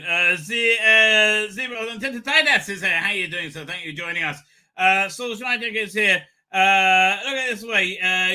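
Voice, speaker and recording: A middle-aged man hosts a casual livestream, chatting off the cuff with his viewers. His voice is very bright and sits slightly high. He rambles through comments, full of fillers and restarts, with an irreverent streak. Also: clear, resonant tone. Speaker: livestream host. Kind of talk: casual live chat reading viewer comments.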